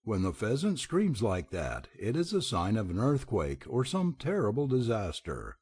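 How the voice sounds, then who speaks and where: An eager, helpful monkey offers his service, voiced by a man. His tone is low and mellow, with a husky grain. He speaks earnestly and warmly. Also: wildly swooping pitch, normal speed, exaggerated voice. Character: helpful clever male monkey.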